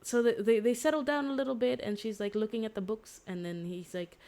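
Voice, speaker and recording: A woman's voice: fairly high pitch, fairly even intonation, fairly quick, hardly any pauses, warm tone. A woman streamer casually retelling a story in a rambling way, with lots of fillers and restarts. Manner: rambling, filler-heavy, self-correcting.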